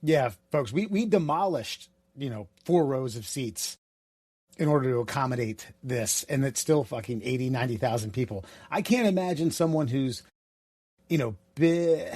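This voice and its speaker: A man from the United States co-hosting a podcast in casual chat, rambling and profane, with sudden excited jumps in his voice. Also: mid-range voice, no room sound. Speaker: podcast co-host.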